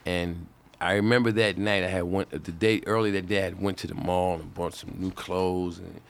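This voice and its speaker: A man's voice: deep voice, steady tone, normal speed, creaky, a little hiss or hum. A male comedian telling a stand-up story in casual, profane talk, full of restarts.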